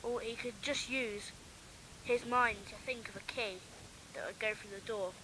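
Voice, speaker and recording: A woman's voice: a little high, steady tone, a little slow, bright, forceful tone. A woman reading her own homemade story in plain, earnest first-person narration. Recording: noisy home recording.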